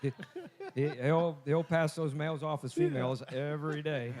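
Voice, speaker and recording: A man announcing lots at a livestock sale, talking casually and often restarting his sentences. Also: fairly high pitch. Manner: halting, repeats words. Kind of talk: casual explanatory talk.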